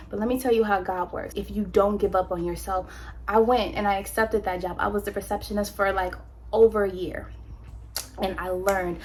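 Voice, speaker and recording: A woman from California telling her own story in a candid, animated, slangy way, as a motivational vlogger on a close mic. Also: medium pitch, slight background noise. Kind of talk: personal storytelling, motivational talk.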